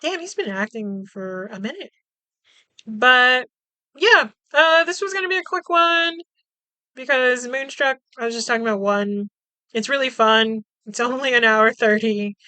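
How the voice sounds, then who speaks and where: A woman's voice: on the high side, lively intonation, measured pace, sharp tone, clear, resonant tone, dry recording. A woman podcast host casually recapping a movie, chatty and swearing, laughing as she acts out the characters' lines.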